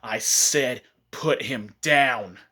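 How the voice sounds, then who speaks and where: A man's voice: a little high, very animated, normal speed, slightly rough. A man voicing a hot-headed teenage boy ninja who stammers when he gets flustered.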